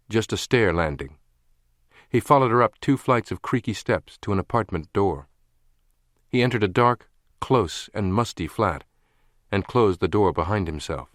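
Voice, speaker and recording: A man narrating a spy thriller audiobook in measured, expressive scripted narration. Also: lowish voice, no room sound, clean studio sound.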